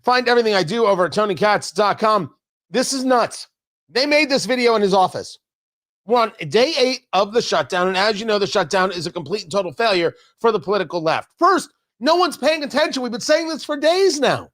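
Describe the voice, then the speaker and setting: A man's voice: sits high, lively intonation, brisk, a bit bright. A man hosting a political talk show from a studio, talking in an indignant, mocking and emphatic way. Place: radio studio.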